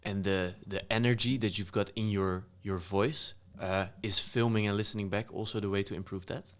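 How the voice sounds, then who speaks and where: Male host, lowish voice, curious and affirming. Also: steady tone, moderate pace. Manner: short affirming interjections, curious questions. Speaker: interviewer. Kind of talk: interview conversation.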